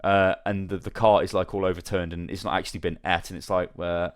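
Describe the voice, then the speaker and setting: A man hosting a casual podcast, telling a rambling, animated story and swearing freely. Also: low-pitched, fast talker, clean tone. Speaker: podcast host. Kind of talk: casual chat.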